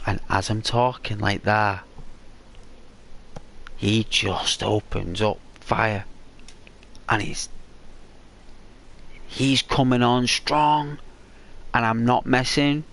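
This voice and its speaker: A man telling a gaming story in rambling, unhurried commentary with many restarts. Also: fairly low pitch, steady tone, gravelly, a bit bright, slight background noise.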